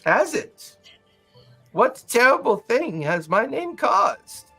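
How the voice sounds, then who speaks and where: A man voicing a gentle, courteous elderly male mystic in a tabletop game. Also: very high voice, big pitch swings, breathy edge, soft background music, voice pushed up, heavily acted. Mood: gently probing. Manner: courteous, unhurried, gently mocking.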